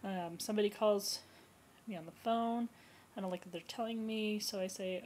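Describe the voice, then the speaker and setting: Woman counselor in a vlog talk: casual and explanatory, mid-range pitch, recorded on a camera facing her. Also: normal speed, slight background noise, poor audio. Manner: relaxed, conversational and explanatory. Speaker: eating disorder recovery counselor.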